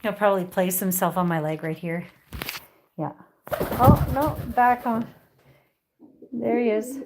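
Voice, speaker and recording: Female vlogger, unhurried, casual home chat with cooing pet talk. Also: a little hiss or hum. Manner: coos in high baby talk to her birds. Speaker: pet bird keeper and vlogger. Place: indoors at home among plants and birds.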